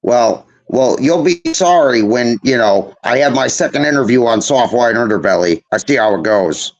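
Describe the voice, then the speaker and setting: A male caller pleads his case in a halting, stammering way, at an ordinary pitch. His voice comes through a muffled, lo-fi line that lacks the top end. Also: animated. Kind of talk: comedic call-in banter.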